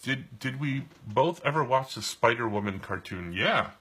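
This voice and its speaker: A man's voice: medium pitch, expressive, moderate pace, bright, forceful tone, slightly rough. A man from New York co-hosting a live stream, chatting casually and telling rambling stories with many restarts while he draws. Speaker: co-host and artist drawing live. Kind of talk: casual chat while drawing.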